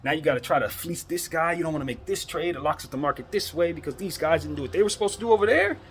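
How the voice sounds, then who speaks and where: A man's voice: a little high, lively intonation, fast, a little hiss or hum. Fired-up man ranting about basketball. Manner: fired-up, preachy ranting with repeated rhetorical questions. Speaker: basketball commentary host. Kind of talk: casual opinion monologue.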